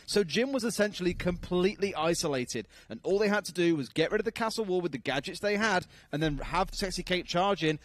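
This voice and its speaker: A man giving measured, analytical color commentary on an esports match, explaining tactics at length. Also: high voice, dry recording.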